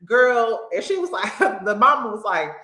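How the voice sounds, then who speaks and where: Laughing, animated woman with bright voice. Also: a little high, normal speed, roomy sound. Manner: animated, laughing often, acts out quotes. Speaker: host. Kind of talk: casual recap commentary.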